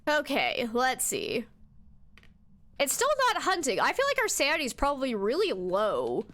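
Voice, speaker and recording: A woman's voice: high-pitched, wildly swooping pitch, moderate pace, a bit bright. A young woman streaming a horror game, chatting to her viewers and talking back to the ghost with jumpy outbursts. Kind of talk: live game commentary.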